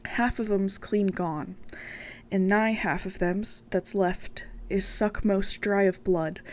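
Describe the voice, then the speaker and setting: A woman's voice: on the low side, darkish tone, a little hiss or hum, lightly acted. A woman voicing a frightened rural housekeeper in a storybook reading, read plainly without a dialect.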